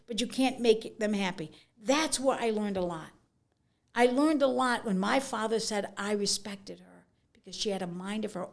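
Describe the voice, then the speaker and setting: A middle-aged woman author telling stories from her life in an interview, frank and animated, often acting out what people said. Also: fairly high pitch, gravelly. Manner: frank, animated storyteller, acts out quotes. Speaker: author and guest. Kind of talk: conversational interview.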